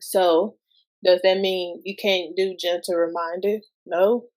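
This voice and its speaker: A woman's voice: lowish voice, level tone, a little mellow. A woman, guest-hosting a podcast and talking casually about parenting, asking lots of rhetorical questions. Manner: slow, conversational, asks many rhetorical questions.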